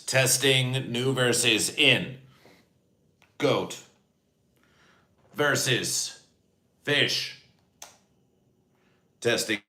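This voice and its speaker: A man's voice: lowish voice, bright, forceful tone. A man hosting a comedy livestream, talking playfully into a new handheld mic and repeating his phrases as a royal "we". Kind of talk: absurdist livestream monologue. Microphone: new handheld microphone.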